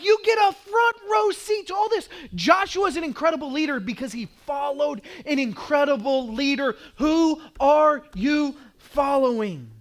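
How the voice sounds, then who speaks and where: A man with an Oklahoman accent preaching a sermon from the pulpit. His voice sits very high for a man, and he tells stories with animated energy, acting out scenes and sometimes rising to a shout. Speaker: pastor.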